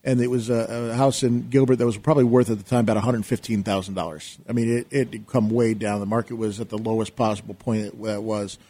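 A middle-aged man, a guest on a talk show, telling a rambling, animated story and acting out quotes loudly. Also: lowish voice, fast, few pauses. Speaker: guest, real estate investor.

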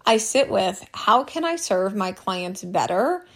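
A woman in her thirties hosting a solo business podcast, chatty and candid, her voice a little hoarse from allergies. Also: mid-range voice, sing-song, measured pace, fairly bright tone. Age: 30s. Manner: candid, chatty, many likes and ums. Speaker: podcast host.

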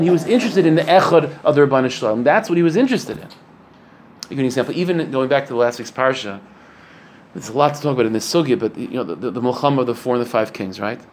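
A man's voice: a little high, darkish tone, a little hiss or hum. A man giving a Torah lecture to a class, earnest and explanatory, posing rhetorical questions and using many fillers. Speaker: rabbi teaching a class.

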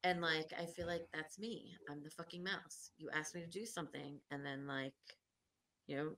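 A woman's voice: low-pitched, steady tone, normal speed, pushed and bright, recorded from a distance. A woman co-hosting a podcast, telling stories in loose, profane casual chat. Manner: profane, chatty, laughs often. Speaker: podcast co-host.

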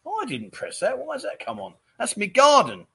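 A man's voice: very high-pitched, big pitch swings, a little fast, gravelly, sharp tone, husky. A middle-aged man hosts a casual livestream chat show, reading out viewer comments and chatting in a jokey way. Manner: chatty and jokey, with frequent "mate" and "um".

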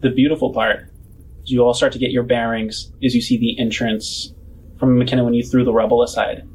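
A man narrating as game master of a tabletop game, describing scenes in an unhurried, casual way. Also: mid-range voice, little pitch movement, breathy edge, poor audio.

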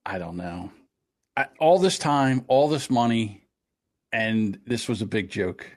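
A man hosting a podcast in casual comedic chat, talking in an animated, sarcastic, ranting way. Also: fairly low pitch, unhurried. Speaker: podcast host.

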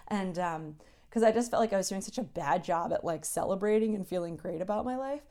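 Soft-spoken tearful woman, hushed and halting. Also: mid-range voice. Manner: chatty storytelling with many fillers. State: tearful and tired. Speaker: creator sharing a personal diary recording. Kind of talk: reflective personal voice diary.

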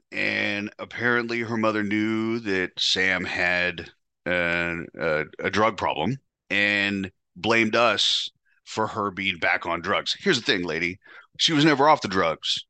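A man's voice: low voice, slow pace, bright, forceful tone, no room sound. A man hosting a podcast, telling a candid personal story in a blunt, profane, confessional way. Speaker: podcast host.

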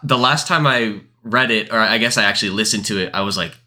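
A young man co-hosting a casual podcast, joking and laughing, then reading a scary story aloud slowly. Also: fairly low pitch, pushed and bright. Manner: joking, laughs often, slow deliberate reading. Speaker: podcast co-host.

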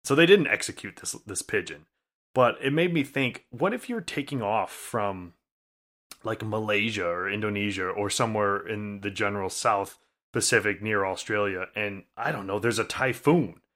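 A man's voice: on the low side, normal speed, fairly bright tone. A man co-hosting a podcast in casual chat, telling stories with a dry, wry manner. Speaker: podcast co-host.

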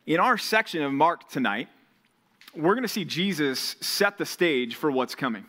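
A young adult man preaching as a pastor, conversational, growing animated when quoting scripture. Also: a little high, moderate pace. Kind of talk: sermon. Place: church or ministry hall.

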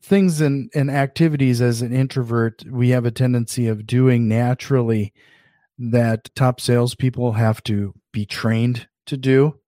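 A man's voice: medium pitch, fairly even intonation, measured pace, warm tone, dry recording, clean studio sound. A man hosting a podcast interview, conversational, often restarting and repeating words. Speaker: podcast host. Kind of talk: casual interview chat.

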